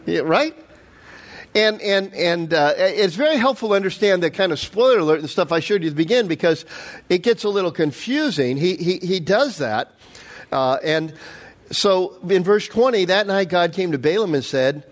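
A middle-aged male pastor preaching a sermon, animated and storytelling, acting out the quotes. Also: high voice, moderate pace.

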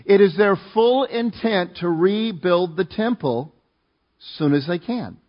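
A man's voice: high voice, expressive, measured pace, dull audio. Conversational man preaching a sermon. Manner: conversational, asks the congregation to join in. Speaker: pastor. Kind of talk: sermon, reading and explaining scripture.

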